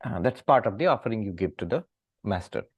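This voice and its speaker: A middle-aged man from India, a monk calmly explaining scripture with gentle humor and frequent pauses. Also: on the low side, husky, no room sound. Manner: calm, gently humorous teaching with many pauses. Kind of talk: scripture lecture.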